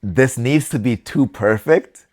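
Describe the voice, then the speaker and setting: A man's voice: medium pitch, slow pace, darkish tone. A young man co-hosting a podcast, talking things through thoughtfully in casual chat and often restarting his words. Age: young adult. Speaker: podcast co-host.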